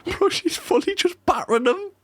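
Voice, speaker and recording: A man's voice: very high voice, animated, normal speed, a bit bright. A man reacting to a reality show clip, laughing and incredulous as he comments. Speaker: reaction video host. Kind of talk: casual commentary over clips.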